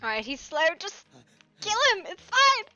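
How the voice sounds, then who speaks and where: Woman streamer, high bright voice, animated, laughs a lot, swears freely, casual gaming chat. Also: normal speed, dull audio.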